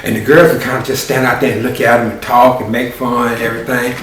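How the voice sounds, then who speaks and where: A man telling a story live, animated and rhythmic with spoken sound effects. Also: mid-range voice, fast talker, slight background noise. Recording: very echoey room, distant mic.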